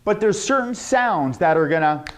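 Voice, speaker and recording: A young adult man teaching a sales lesson, animated and demonstrating tones with his own voice. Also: sits high, moderate pace. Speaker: sales trainer.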